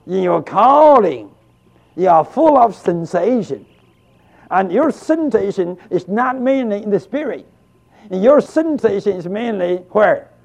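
An older man preaching a sermon with feeling, swinging between hushed, tender tones and loud, fervent cries. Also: high-pitched, lively intonation, unhurried. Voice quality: gravelly. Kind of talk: emotional sermon.

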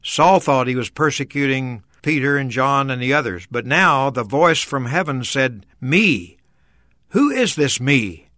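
A man's voice: medium pitch, animated, moderate pace, few pauses, sharp tone, dry recording, studio quality. A man explaining a Bible passage in a discussion, earnestly repeating key phrases for emphasis. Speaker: Bible teacher guest.

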